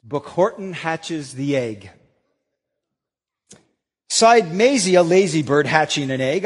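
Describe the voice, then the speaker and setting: A pastor reading a children's rhyming book aloud during a sermon, with playful, expressive storytelling. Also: male voice, a little high, slow pace, pauses often, slightly rough. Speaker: senior pastor. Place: church. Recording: long church reverb.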